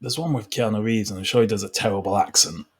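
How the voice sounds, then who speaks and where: A man's voice: on the low side, fast talker, breathy edge. A British man co-hosting a comedy podcast, wry and joking in casual chat. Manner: wry, joking, often laughing. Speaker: podcast co-host.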